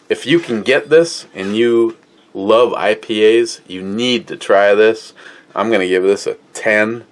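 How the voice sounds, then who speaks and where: A man with a fairly low voice hosts a casual beer review vlog. He rambles off the cuff, fills his talk with "uh," and reads viewer comments aloud. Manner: rambling, off-the-cuff, with many fillers.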